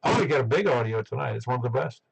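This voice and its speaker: A man runs a casual ham radio net from behind his headset. His voice is gravelly and husky, and he talks quickly, rambling with plenty of restarts. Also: mid-range voice, lively intonation, low-quality recording. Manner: rambling, chatty, self-interrupting.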